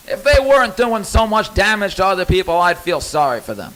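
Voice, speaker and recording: High, lively-voiced man telling a story. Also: brisk, hardly any pauses, rough recording. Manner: rambling, candid, swears freely. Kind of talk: spoken storytelling monologue.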